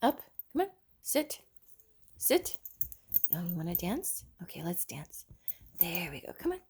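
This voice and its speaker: A woman's voice: fairly low pitch, big pitch swings, normal speed, darkish tone, slightly rough. A woman at home talking to her puppy, giving short commands and coaxing praise. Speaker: dog owner training her puppy. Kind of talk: casual talk to a puppy. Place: home, indoors.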